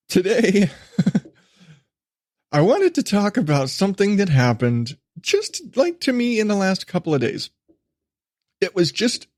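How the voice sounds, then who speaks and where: A man's voice: fairly high pitch, a little mellow, no echo, studio quality. A man in his thirties hosting a solo podcast, rambling in a hyper, laughing way with lots of restarts. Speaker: podcast host.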